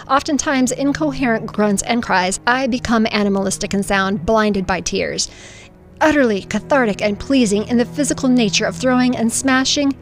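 Brief: middle-aged woman, memoir narration, earnest and emotional, gravelly edge, faint music under. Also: fairly high pitch. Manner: emotional, earnest storytelling with spoken sound effects. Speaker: podcast host reading her own story.

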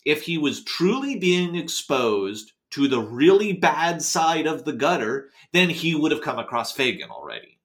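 A man's voice: fairly high pitch, very animated, unhurried, fairly bright tone. A man co-hosting a casual chat about a story, rambling and correcting himself as he talks. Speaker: podcast co-host.

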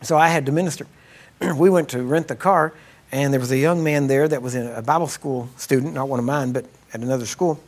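Conversational middle-aged male Bible teacher. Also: mid-range voice. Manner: conversational, checks in with the audience with "right?" and "Amen?"; emphatic, slows down to stress scripture words. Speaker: minister teaching a healing course. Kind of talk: sermon-style Bible teaching.

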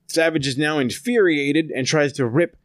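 A man's voice: on the high side, normal speed, dry recording, clean studio sound. A man co-hosting a casual review podcast, recapping and rating episodes in a sarcastic, profane, rambling way.

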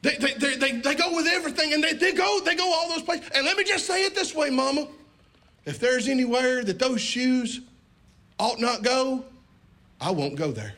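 A man's voice: very high voice, lively intonation, moderate pace, sharp tone, pitched above the performer's own voice, full character voice. A man voicing an eager young child begging a parent for shoes, pleading and breathless. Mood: persuasive.

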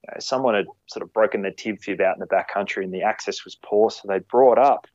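A man with a lowish voice tells stories from his years on ski patrol. He talks in a halting, conversational way, backing up and restarting his sentences. The sound is dry and a little muffled. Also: darkish tone, dry recording. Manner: halting, many fillers and restarts, acts out quoted lines. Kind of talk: conversational storytelling.

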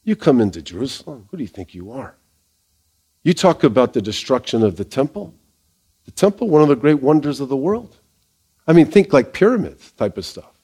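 Preacher playing a jeering bystander, scornful and taunting, dropped to a low, quiet voice. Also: male voice. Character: sneering male bystander mocking a condemned man.

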